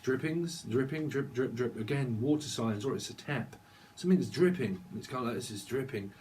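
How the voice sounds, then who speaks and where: A man rambles through a channelled tarot reading, jumping from one loose association to the next. His voice sits at an ordinary middle pitch. A faint hiss of noise runs under the recording. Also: moderate pace, a little mellow. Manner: rambling, free-associating, sings snatches of songs. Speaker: tarot reader.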